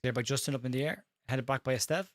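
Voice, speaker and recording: An Irish man hosting a live watch-along, calling the match fast and tripping over players' names while reading out viewer comments. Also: mid-range voice, fairly even intonation, no room sound, studio quality. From Ireland. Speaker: host.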